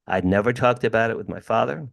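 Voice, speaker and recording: Animated older man telling a story. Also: lowish voice, fast talker, vocal fry. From New Jersey, USA. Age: 60s. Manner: animated, emphatic storyteller who addresses the host by name. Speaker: podcast guest. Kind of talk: storytelling in an interview. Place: home room with drums.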